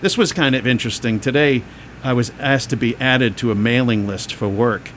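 Regular-pitch guy rambling on a podcast, laughs a lot, bit of background hiss. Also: normal speed, a bit bright. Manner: chatty, rambling, laughs often. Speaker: podcast co-host. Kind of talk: casual chat.

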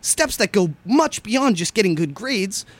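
A man putting on the voice of an upbeat male ad announcer, reading a mock radio spot with a loud, bouncy hard sell. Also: high voice, big pitch swings, measured pace, dry recording, voice pushed up, exaggerated voice. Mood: peppy. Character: peppy adult male ad announcer.

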